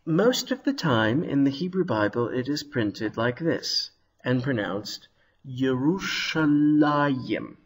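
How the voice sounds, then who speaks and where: Slow, lively-voiced man teaching Hebrew. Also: medium pitch, slightly rough. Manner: slow, careful sounding out of words. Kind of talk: video lesson.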